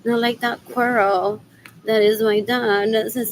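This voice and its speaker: Speaking unhurriedly in a slightly high voice with a flat delivery, this Puerto Rican vlogger chats while out on errands. She mixes Spanish and English, repeats herself, and says "what else" again and again, over slight background noise on a low-quality recording.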